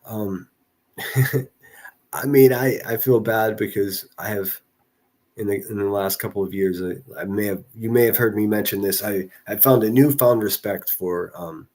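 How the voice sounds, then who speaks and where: A man's voice: lowish voice, steady tone, unhurried, a little mellow. A man from a northern US city hosting a casual livestream, rambling through commentary and reading chat messages aloud with frequent restarts. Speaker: livestream host.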